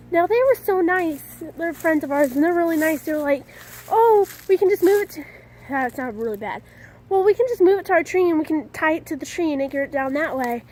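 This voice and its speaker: A young woman casually telling a story to her vlog camera, excitable and a bit dramatic, often giggling. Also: high-pitched, slight background noise. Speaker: vlogger.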